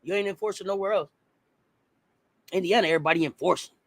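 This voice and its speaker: High-voiced, fired-up man ranting on sports. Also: fast, no room sound. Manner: profane, blunt, fired-up rhetorical questions. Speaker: sports commentator. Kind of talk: heated sports talk rant.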